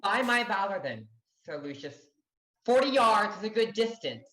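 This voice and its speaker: A woman's voice: mid-range voice, big pitch swings, moderate pace, a bit bright, faint music behind. A woman acting a nervous young country squire who stammers and blusters in a live online play. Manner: stammering, anxious blustering oaths. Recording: echoey room over video call.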